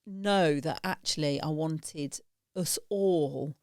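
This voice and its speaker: A woman's voice: low-pitched, takes it slowly, a little mellow, dry recording, studio quality. A woman co-hosting a parenting podcast, talking in a thoughtful, reflective way with laughs and restarts. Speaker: podcast co-host. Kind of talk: casual parenting chat.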